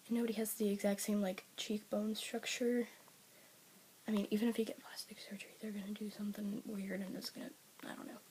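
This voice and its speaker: A woman vlogger talking casually to her viewers, rambling with many fillers and often slipping into a breathy half-whisper. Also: a little high, darkish tone, low-quality recording. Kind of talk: casual talk to camera. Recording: clear background hiss with clicks.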